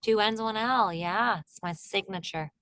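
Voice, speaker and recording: A woman's voice: mid-range voice, a little slow, a bit bright, no room sound. A young woman from Virginia, an actor, chatting casually as an interview guest, laughing often and acting out little quoted voices. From Virginia, USA.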